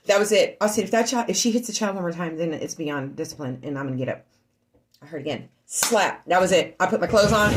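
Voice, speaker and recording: A woman telling a story to the camera in a casual, agitated way, with sudden loud outbursts. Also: on the low side, fast talker, echoey room. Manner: animated, agitated retelling with raised outbursts. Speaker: storyteller recounting an incident.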